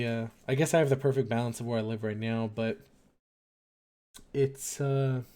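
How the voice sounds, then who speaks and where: A man's voice: mid-range voice, a little mellow. A young man hosting a late-night talk stream in his home setup, musing aloud in a rambling, hesitant way full of fillers. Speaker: late-night radio-style stream host. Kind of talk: casual rambling monologue.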